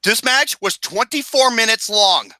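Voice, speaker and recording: A man hosting a casual ranking chat, ranting with plenty of profanity in an animated, exasperated way. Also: very high voice, measured pace, no echo. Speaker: podcast host.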